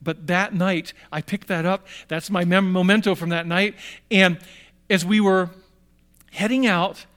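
In a storytelling talk for young listeners, an older man recounts something from his own life in a high voice at a measured pace. He's animated, performing the voices of the people involved.

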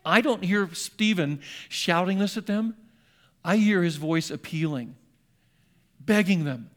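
A man preaching a sermon in a church sanctuary, dramatically acting out scripture voices and swinging between loud and hushed. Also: high voice, moderate pace. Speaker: pastor.

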